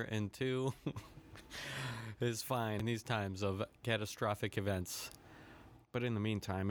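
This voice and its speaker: A man's voice: lowish voice, clear, resonant tone. A man hosting a podcast, ranting casually with lots of swearing, laughter and rambling asides. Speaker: podcast host. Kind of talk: profane comedic rant.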